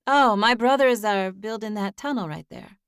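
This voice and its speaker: A woman voices a tired, apologetic young woman in a lightly acted performance, pitched above her natural voice. Her medium-pitched voice is clear, resonant and fairly bright at normal speed. The audio is clean studio sound with no room noise.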